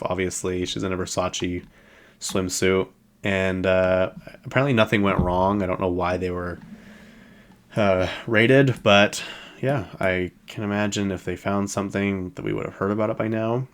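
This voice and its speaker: A man hosting a podcast, chatting casually about celebrity news in a rambling way with lots of fillers. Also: deep voice. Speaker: podcast host.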